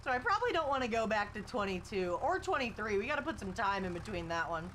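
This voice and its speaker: A woman's voice: mid-range voice, very animated, quick pace, fairly bright tone, slight background noise. A woman live-streaming casual chat from a farm while driving a tractor, chatty and laughing often as she answers her viewers.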